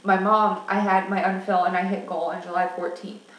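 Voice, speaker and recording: A woman's voice: on the low side, level tone, a little fast. A woman talking frankly and at length in a candid personal vlog. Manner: chatty and frank, rambling. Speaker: vlogger. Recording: roomy sound from a distance.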